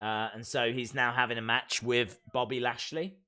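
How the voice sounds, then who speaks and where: A man hosting a live watch-along stream, reacting excitedly and calling out the moves as they happen. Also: mid-range voice, moderate pace, smooth.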